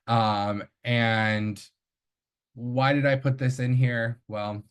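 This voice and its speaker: A man presenting research at an academic showcase, speaking in a measured way with frequent fillers and small self-corrections. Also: fairly low pitch.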